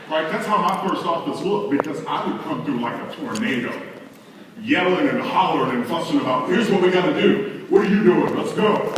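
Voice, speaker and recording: Male seminar speaker, animated and preachy, distant in a very echoey hall. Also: fairly high pitch, noisy background. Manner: animated, preachy, addresses the audience directly. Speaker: leadership conference speaker. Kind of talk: motivational seminar talk. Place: large hall with audience. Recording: echoey hall recording from far off.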